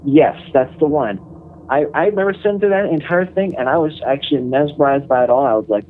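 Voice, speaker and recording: A man's voice: fairly high pitch, brisk, slight background noise. Hesitant male caller, tinny phone audio, stumbles over words. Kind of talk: casual call-in chat.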